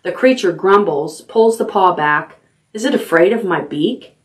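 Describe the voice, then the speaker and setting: A woman librarian reading a chapter book aloud at bedtime, unhurried and expressive. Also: lowish voice, far from the mic.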